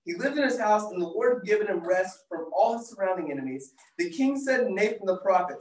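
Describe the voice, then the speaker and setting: A preacher giving a sermon who reads scripture aloud and retells it in a casual, excitable way. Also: mid-range voice, quick pace, hardly any pauses. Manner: excitable, casual and animated, slips into voicing the characters. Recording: echoey room, mic far off.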